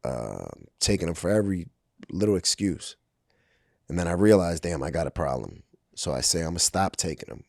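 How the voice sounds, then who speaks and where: A man's voice: low-pitched, big pitch swings, normal speed, creaky, no echo, clean studio sound. A middle-aged man from Brooklyn, a podcast guest, telling his life story candidly with many ums and acted-out quotes. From Brooklyn, New York. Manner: candid, frequent ums, acts out quoted dialogue. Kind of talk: personal storytelling in a podcast interview.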